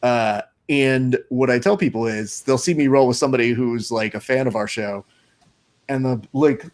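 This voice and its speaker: A man's voice: mid-range voice, normal speed, darkish tone. A man hosting a casual podcast interview, joking and rambling through a story. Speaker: podcast host.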